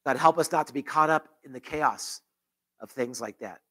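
A man's voice: mid-range voice, moderate pace, fairly bright tone, slightly rough. A man pastor leading a closing prayer in church, earnest, with repeated phrases and restarts. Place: church sanctuary.

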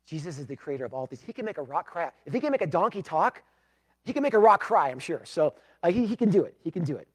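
A pastor preaching a sermon, emphatic, moving between loud declarations and hushed, pleading passages. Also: male voice, fairly high pitch, big pitch swings, fast, husky.

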